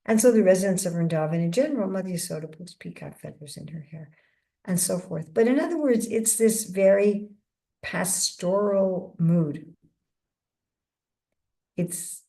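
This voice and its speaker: Mellow-voiced woman giving a devotional lecture. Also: on the low side, animated, vocal fry. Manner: measured and reflective, with frequent restarts. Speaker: guest speaker giving a scripture class.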